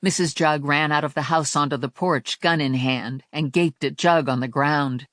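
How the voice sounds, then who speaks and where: A woman narrating a first-person crime audiobook with wry, expressive storytelling. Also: low-pitched, normal speed, dry recording, studio quality. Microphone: close studio mic.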